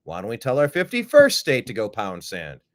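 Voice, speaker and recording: A man's voice: mid-range voice, wildly swooping pitch, moderate pace. A man hosting a political commentary show, talking in a sarcastic, mocking way. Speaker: host.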